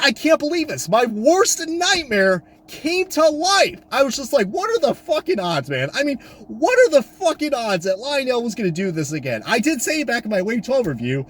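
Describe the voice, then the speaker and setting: Ranting man, lively high voice. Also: slight background noise. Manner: loud, swearing, exasperated, swings from high shouts to low mutters. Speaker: diecast collector vlogger. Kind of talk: profane comedic rant. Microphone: camera mic.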